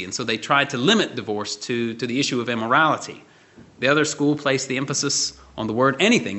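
A man preaching a measured sermon, pausing often with fillers. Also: medium pitch, sharp tone. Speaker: pastor. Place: church.

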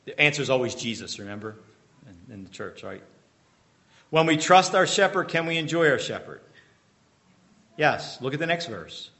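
Bright-voiced male pastor quizzing his congregation. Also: mid-range voice, very animated. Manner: quizzes the congregation with fill-in-the-blank questions; emphatic bursts and slowed-down repetition. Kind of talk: sermon.

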